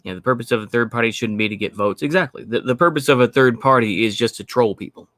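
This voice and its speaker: A man's voice: mid-range voice, fast, a bit bright, no room sound, clean studio sound. A man hosting a stream, ranting bluntly and profanely in commentary, repeating his points. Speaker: stream host.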